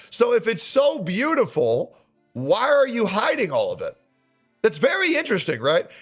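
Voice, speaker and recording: Sarcastic ranting man with a lively voice. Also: high-pitched. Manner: sarcastic, indignant, profane. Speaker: streamer reacting to a clip. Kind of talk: ranting reaction commentary.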